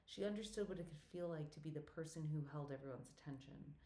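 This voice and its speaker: A woman narrating an audiobook in a measured, even storytelling manner. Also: deep voice. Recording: echoey room.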